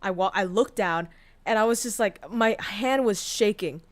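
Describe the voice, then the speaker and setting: A woman's voice: medium pitch, normal speed. Profane, candid woman streamer. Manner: candid and profane, with many fillers and restarts. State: tearful, voice breaking. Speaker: VTuber streamer. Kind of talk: casual storytelling chat.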